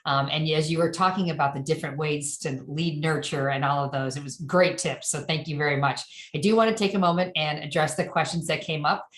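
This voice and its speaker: A woman with a deep, low voice moderates a webinar over a video call. She speaks in a measured way and reads audience questions aloud. Her room gives the voice a noticeable echo. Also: fairly bright tone.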